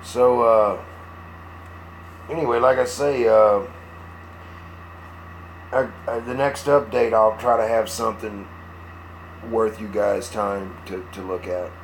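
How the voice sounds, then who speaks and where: A man's voice: on the low side, steady tone, takes it slowly, pauses often, slight background noise. Hungover, folksy man rambling. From Mississippi. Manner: rambling, self-mocking, folksy. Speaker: model-building live streamer. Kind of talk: casual live stream chat.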